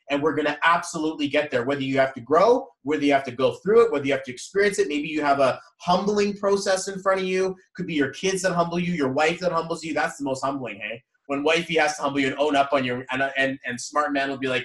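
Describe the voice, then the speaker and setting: A man leading a men's numerology group, talking in a rambling, energetic, preachy motivational way. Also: on the high side, quick pace, few pauses. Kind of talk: motivational group coaching talk. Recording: echoey room.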